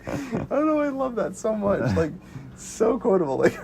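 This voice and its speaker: Young man, podcast co-host, casual movie chat, animated, laughs often, faint background hiss. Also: medium pitch, moderate pace, vocal fry.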